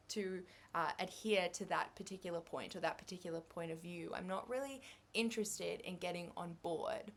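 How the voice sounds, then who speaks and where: A woman's voice: on the low side, normal speed. A young Australian woman giving a revision lecture on English exam skills, chatty and upbeat, with light laughs.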